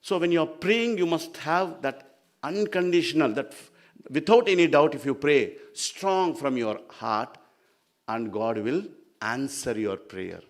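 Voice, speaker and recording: A man's voice: on the high side, a little slow. A man giving an earnest devotional talk, explaining with emphasis and stories. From India. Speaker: spiritual speaker.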